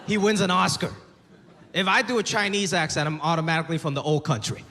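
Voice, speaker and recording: High-voiced man doing stand-up. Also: flat delivery, quick pace. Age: 30s. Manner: conversational, acts out quoted voices. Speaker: stand-up comedian. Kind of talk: stand-up comedy set. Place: comedy stage before a live audience. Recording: live venue with long reverb, audience noise.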